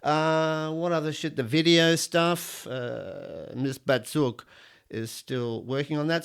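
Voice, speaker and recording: A man's voice: a little high, gravelly, clear, resonant tone. A middle-aged Australian man hosting a podcast on his own, rambling through jokes and opinions with plenty of swearing. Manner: crude, swearing, rambling joke-telling. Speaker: podcast host. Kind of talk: casual solo podcast monologue.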